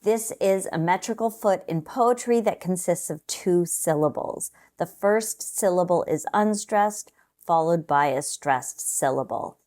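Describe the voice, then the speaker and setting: Slow, measured, and explanatory, a woman teaching test prep guides listeners through practice questions step by step. Her fairly low voice stays calm and deliberate, like a scripted lesson.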